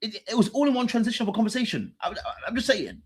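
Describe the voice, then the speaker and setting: Animated man hosting a reaction show. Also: high voice, rapid-fire, breathy edge. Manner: animated, teasing, laughs, mimics people in a hushed voice. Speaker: podcast host reacting to a dating show. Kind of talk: casual reaction commentary.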